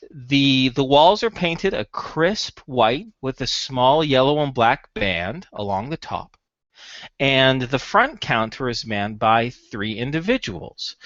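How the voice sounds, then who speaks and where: Young man, game master, animated narration, dry close sound, slightly dull. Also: medium pitch, no echo. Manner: descriptive, with frequent fillers and restarts.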